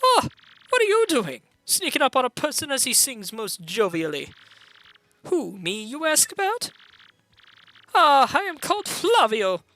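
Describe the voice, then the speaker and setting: A man's voice: extremely high pitch, wildly swooping pitch, a little slow, sharp tone, dry recording, pitched above the performer's own voice, exaggerated voice, low-quality recording. A man putting on a gushing, vain male trader with a mock French accent. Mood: grandiose. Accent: put-on French. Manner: gushing, sing-song, grandiose. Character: vain flamboyant male trader, theatrical and boastful.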